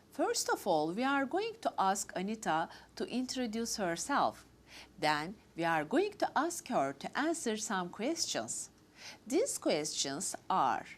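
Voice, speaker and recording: A woman hosting a talk, reading prepared formal remarks in a measured, list-like way. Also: medium pitch. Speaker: host.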